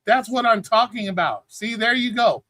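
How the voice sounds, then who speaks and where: A man's voice: extremely high pitch, normal speed, sharp tone, no echo. A man hosting a live stream, arguing in a blunt, profane, lecturing way. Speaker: streaming show host. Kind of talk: heated livestream argument.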